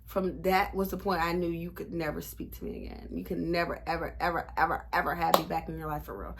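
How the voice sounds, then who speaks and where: A woman in her twenties telling a storytime vlog in a blunt, animated, profane way. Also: fairly low pitch, fast, gravelly, very noisy. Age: 20s. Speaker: vlogger.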